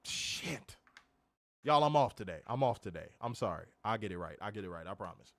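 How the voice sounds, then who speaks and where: Male co-host, raucous and cussing, laughs through his lines; animated voice, dry booth sound. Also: a little fast, dry recording. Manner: loud, profane, laughing often, swoops high when amused. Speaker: podcast co-host. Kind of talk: casual review chat.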